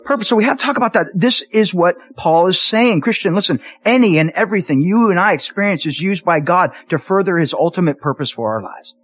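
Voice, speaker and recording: A man preaches to his congregation with a slightly raised, husky voice. He jumps between serious points and jokey asides, stumbling and restarting as he goes. His pitch rises and falls widely. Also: a little fast, few pauses. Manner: animated, jokey storytelling with many restarts. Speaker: pastor. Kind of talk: sermon. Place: church sanctuary.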